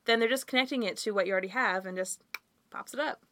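Candid woman, bright dry voice. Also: on the high side, quick pace, no room sound. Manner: candid, thoughtful storytelling. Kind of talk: casual chat.

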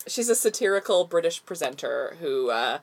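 A woman in casual chat as a podcast co-host, chatty and playful, now and then slipping into quick mock voices. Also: sits low, big pitch swings.

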